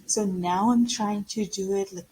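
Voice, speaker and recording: A woman with a Spanish accent, a native Spanish speaker, teaching English in a casual video lesson, slow and hesitant with many fillers and restarts. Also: mid-range voice, fairly even intonation, mellow, slight background noise, low-quality recording.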